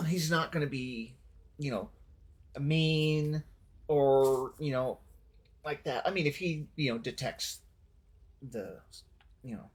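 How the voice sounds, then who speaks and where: A man streaming a game offers casual, rambling commentary, often restarting and correcting himself as he thinks aloud. His voice is slightly husky. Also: fairly high pitch, takes it slowly, long pauses.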